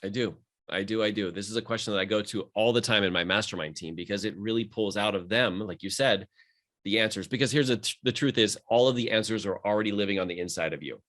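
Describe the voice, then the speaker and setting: A man's voice: fairly low pitch, fairly bright tone. A man who is a mindset coach, talking earnestly and with motivation in a podcast conversation. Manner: fast, earnest and motivational, rising with emphasis.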